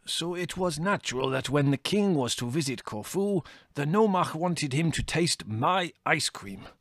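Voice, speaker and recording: A theatrical café owner who wails out his woes in slow, drawn-out phrases, as a male narrator puts him on. His rides a high, swooping pitch. The recording is close and dry. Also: animated, no echo. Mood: wistful pride. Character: melodramatic Greek male café owner, despairing.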